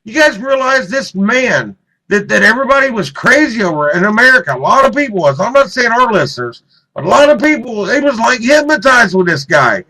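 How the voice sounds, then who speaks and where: A man with a high, bright voice hosts live talk radio. He speaks in a heated way, repeats himself, and keeps turning to his co-host by name. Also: big pitch swings, brisk, rough recording. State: clearing throat, choked up.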